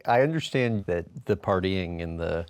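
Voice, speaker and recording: Calm deep-voiced male interviewer. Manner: calm, measured questioning. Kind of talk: interview questions. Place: guest's studio.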